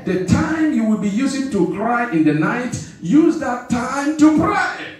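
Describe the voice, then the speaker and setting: A male pastor preaches with a high, swooping voice, hammering his points home through repetition and calling on the congregation to answer back. He sounds distant from the microphone, and his words ring through a big echoing church hall. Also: big pitch swings, a little slow, soft background music. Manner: emphatic call-and-response preaching; repeats phrases for emphasis. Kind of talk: sermon. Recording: echoey hall from far off.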